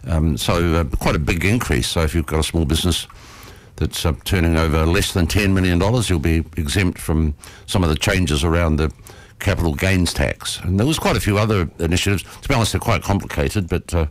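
Deep-voiced hesitant male radio co-host. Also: a little fast, dry recording. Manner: hesitant, many ums and uhs. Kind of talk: casual radio chat.

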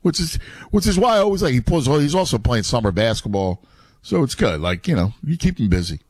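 A man's voice: medium pitch, very animated, a little fast, a little mellow, dry recording, studio quality. A middle-aged man in casual chat who talks animatedly, stumbles over his words, and says "dude" a lot.

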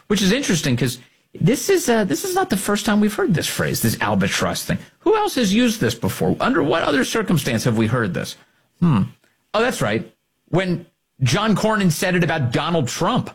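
Husky, animated male talk host. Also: high voice, moderate pace. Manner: combative, emphatic, repeats key points. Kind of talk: political talk commentary.

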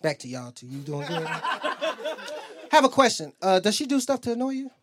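A young man works a comedy club stage, spinning crude stories about home life and tossing quick asides to the crowd. His pitch swings widely from line to line. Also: very animated. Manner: loose, profane storytelling with quick asides to the crowd. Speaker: stand-up comedian. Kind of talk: stand-up comedy set.

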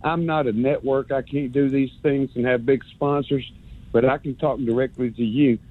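A man's voice: mid-range voice, fairly even intonation, normal speed. A man calling in to a radio sports show, rambling and sarcastic, stumbling over his words. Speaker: radio caller. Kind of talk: rambling call-in rant. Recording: muffled phone line.

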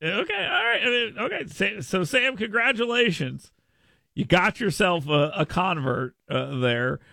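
A man's voice: sits high, very animated, unhurried, creaky, sharp tone, no echo. A man hosting a talk radio show, chatting playfully and making mock proclamations, with frequent restarts, on a studio mic. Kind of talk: casual talk radio banter. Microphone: studio microphone.

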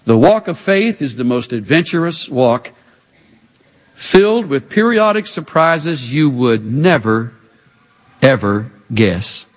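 A man preaching a sermon with animated, expressive delivery and rhetorical questions. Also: medium pitch, takes it slowly. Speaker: pastor. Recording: hall reverb.

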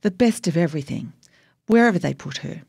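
A woman voicing a stubborn elderly father who speaks in a gruff, insistent way, read from a memoir. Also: low-pitched, animated, fairly quick, darkish tone, dry recording, studio quality, heavily acted.

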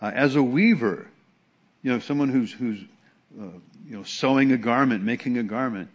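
A man's voice: mid-range voice, normal speed. A middle-aged man preaching a sermon as pastor, in a conversational way with emphatic repetition and frequent restarts.

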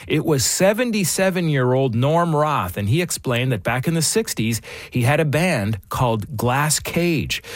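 A man hosts a music radio show from a studio, spinning a story with upbeat energy. His pitch rises and falls freely as he talks, and the sound is close and dry with no room echo. His voice sits at an everyday middle pitch.

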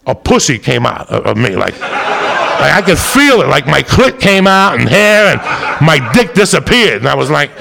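A man doing stand-up, telling a loud, profane, rambunctious story to a live audience. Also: fairly high pitch, sing-song, moderate pace, creaky, noisy background. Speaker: stand-up comedian. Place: stage before a live audience.

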